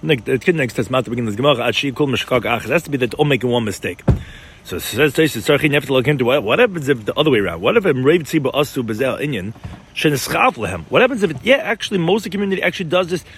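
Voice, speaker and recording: A man's voice: medium pitch, animated, slight background noise. A man explaining a Talmud passage in class, reading out terms and translating them, often repeating words as he goes. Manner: rapid, mixes Hebrew-Aramaic terms with English, frequent repeated words. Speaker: Talmud teacher.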